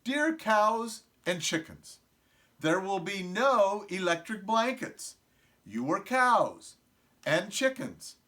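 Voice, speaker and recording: Guy doing a fed-up farmer, loud and high, storybook voice. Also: sing-song, takes it slowly, full character voice. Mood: exasperated. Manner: indignant, exclaiming. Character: exasperated grown male farmer.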